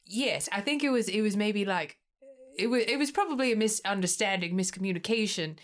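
A woman's voice: medium pitch, lively intonation, fairly quick, pitched above the performer's own voice, lightly acted. A woman voicing a prim, overly polite woman adventurer who talks in a formal, flustered way.

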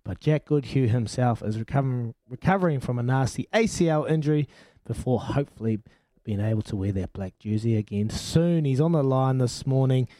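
A man's voice: mid-range voice, fairly quick, warm tone, dry recording. A man with a New Zealand accent co-hosting a radio show, joking and calling everyone mate. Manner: matey, joking, calls people mate. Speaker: radio co-host. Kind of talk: casual radio banter.

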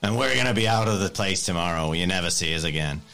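Brief: man as a cocky, sharp-toned swaggerer, taunting and swearing. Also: low voice, expressive, fast talker, vocal fry, soft background music, full character voice. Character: brash cocky man picking a tavern fight. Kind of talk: in-character tabletop role-play.

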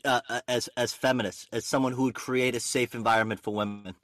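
A man's voice: mid-range voice, fairly even intonation, fast, fairly bright tone, no echo, studio quality. A young man hosting a podcast, chatting in a brash, teasing way and swearing freely. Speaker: podcast host. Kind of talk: casual chat.

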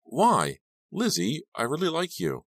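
In a storybook reading, a deep-voiced man voices a pushy teenage boy who smirks, teases and pleads, pitched higher than his usual register. The sound is dry and close. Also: huge pitch swings, unhurried, no room sound, full character voice. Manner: sing-song teasing, pleading.

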